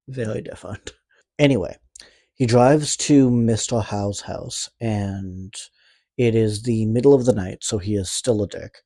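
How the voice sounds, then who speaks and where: A man's voice: on the low side, a little slow, mellow, no room sound. A man from Canada with a speech impediment, recapping a horror movie in a casual, rambling way, with sarcastic, profane asides. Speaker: movie reviewer.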